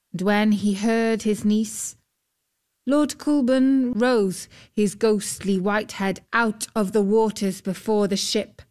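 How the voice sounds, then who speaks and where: A woman narrating a fairy tale in a gentle, expressive storybook style. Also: mid-range voice.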